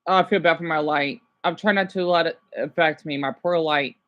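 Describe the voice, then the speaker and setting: A tired woman from the United States, casually chatting with her viewers and explaining things slowly as she watches a video with them. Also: low-pitched, steady tone, a bit bright, dull audio. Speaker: livestream host.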